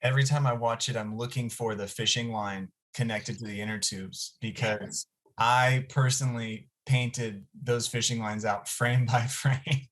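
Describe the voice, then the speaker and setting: A man who wrote and directed the film, hosting a casual Q&A on a video call and telling relaxed, chatty stories about the shoot. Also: medium pitch, measured pace.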